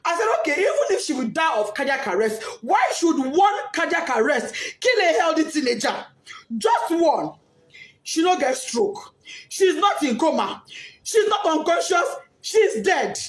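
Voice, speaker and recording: A grieving Nigerian mother with Yoruba as her first language, giving an impassioned, tearful statement and often shouting as she pleads. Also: high-pitched, big pitch swings, measured pace. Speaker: bereaved mother. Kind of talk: emotional personal statement.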